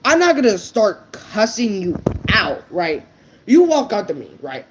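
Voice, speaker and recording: A woman's voice: mid-range voice, big pitch swings, measured pace, slight background noise, low-quality recording. A woman vlogger ranting unscripted to her viewers, blunt and profane, stumbling over her words. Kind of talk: unscripted rant to camera.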